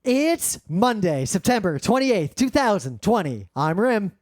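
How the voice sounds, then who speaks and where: A man's voice: high voice, big pitch swings, a little slow, darkish tone, dry recording. A man co-hosting a casual tech podcast from his home studio, explaining audio problems bluntly and swearing now and then. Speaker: podcast co-host. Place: home studio, remote recording session. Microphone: professional studio microphone.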